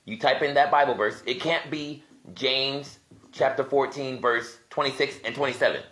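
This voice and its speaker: Bright-voiced man teaching in an echoey room. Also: mid-range voice, moderate pace. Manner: rambling, thinks aloud, grows animated and emphatic. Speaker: self-styled religious teacher. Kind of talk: casual video teaching while browsing apps. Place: at home.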